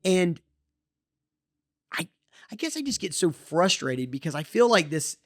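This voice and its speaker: Impassioned podcast host, lively pitch. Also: measured pace. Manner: impassioned, gets worked up, many restarts and repeated words. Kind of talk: opinionated podcast monologue.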